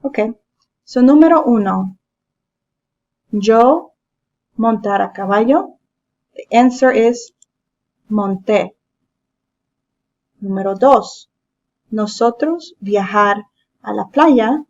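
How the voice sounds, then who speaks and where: A woman teaching a language lesson, explaining grammar step by step in a patient, measured way. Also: fairly high pitch, animated, a little mellow, dull audio. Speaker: Spanish teacher. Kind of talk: classroom lesson narration.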